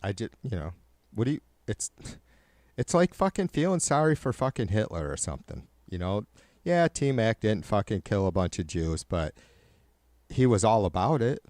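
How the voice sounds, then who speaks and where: A man's voice: fairly low pitch, very animated, moderate pace, darkish tone, no room sound, clean studio sound. A man hosting a livestream in casual chat, swearing constantly and ranting heatedly to his viewers. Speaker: livestream host.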